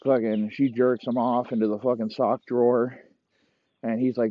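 A young man hosting a comedy podcast, rambling through a crude, profane made-up story and dropping into low mock voices for the characters. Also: little pitch movement, moderate pace, no room sound. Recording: dry, muffled lo-fi audio.

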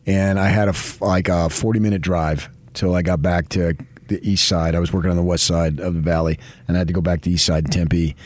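Effusive deep-voiced radio host man. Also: little pitch movement, fast talker, hardly any pauses, no room sound. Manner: effusive, emphatic praise. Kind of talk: morning sports radio talk. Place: radio studio. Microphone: studio microphone.

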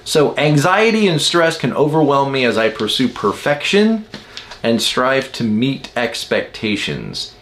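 A man's voice: mid-range voice, sing-song, measured pace, a bit bright, slight background noise. A man hosting a podcast, talking casually and explaining ideas with everyday stories and self-deprecating asides. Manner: chatty, self-deprecating, acts out quoted people. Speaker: podcast host. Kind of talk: casual teaching monologue.

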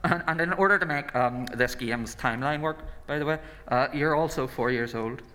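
A man's voice: mid-range voice, moderate pace, pushed and bright, close to an everyday voice. A man voicing a jokey scheming male figure in a Northern Irish accent, playful and self-interrupting. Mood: breezy. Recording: reverberant room.

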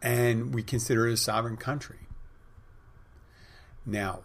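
A man's voice: medium pitch, fairly even intonation, measured pace. A man hosting a podcast, telling a rambling casual story with many fillers and restarts. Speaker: podcast host; bartender and spin instructor. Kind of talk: casual monologue.

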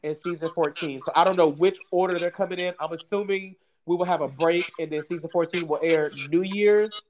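A man's voice: sits high, steady tone, a little fast. A man co-hosting a podcast in loose, joking casual chat, laughing often between lines. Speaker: podcast co-host.

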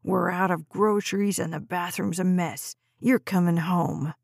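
A low, gravelly, slurring stepfather who is coarse and drunk, put on by a woman reading a storybook aloud. The voice sits lower than the narrator's own and grinds with rough fry. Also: fairly even intonation, moderate pace, no echo, clean studio sound. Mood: slurring orders. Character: drunk, coarse, glowering middle-aged stepfather.

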